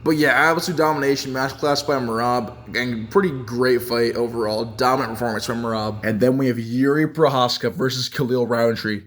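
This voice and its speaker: A young man giving casual fight reaction commentary, excitable and rambling, with many restarts. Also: medium pitch, brisk, hardly any pauses. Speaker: MMA fan reviewing fights.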